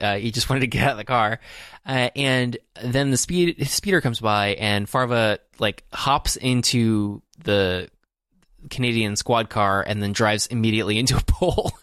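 A man's voice: medium pitch, fairly bright tone, no room sound, clean studio sound. A man co-hosting a podcast, talking casually about a comedy film, rambling with lots of fillers and restarts. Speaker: podcast co-host. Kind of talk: casual movie discussion.

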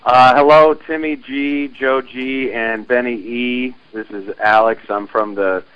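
A man's voice: medium pitch, fairly even intonation, a little slow, smooth, dull audio. A man from Oregon leaving a rambling, laid-back voicemail for a podcast. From Oregon, USA. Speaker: caller. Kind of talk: casual voicemail.

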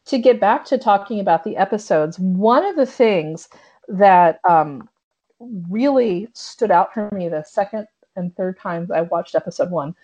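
A woman's voice: mid-range voice, measured pace, lo-fi sound. Chatty woman podcast host. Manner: animated, acts out quoted lines. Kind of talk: casual podcast discussion.

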